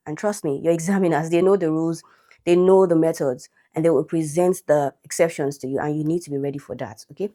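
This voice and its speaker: A woman's voice: low voice, mellow. A woman teaching an exam-prep English lesson, explaining step by step and checking in with a frequent "okay?". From Nigeria.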